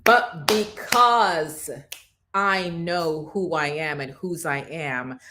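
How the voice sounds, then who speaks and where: Lady hosting a morning show, fired up and preachy, kinda low voice. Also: slow, bright, forceful tone. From Jamaica. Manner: emphatic, preacher-like, scripture-quoting. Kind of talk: motivational talk.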